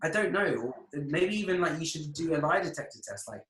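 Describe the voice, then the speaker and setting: A man's voice: a little high, lively intonation, fairly quick, fairly bright tone. A man in casual podcast chat, heated and swearing a lot, often restarting his sentences. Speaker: podcast co-host. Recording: echoey room.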